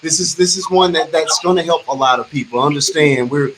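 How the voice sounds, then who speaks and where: Gentle man hosting a livestream interview. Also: on the high side, a little fast, a little hiss or hum, rough recording. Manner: gentle, reassuring, stammers at starts. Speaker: interview host.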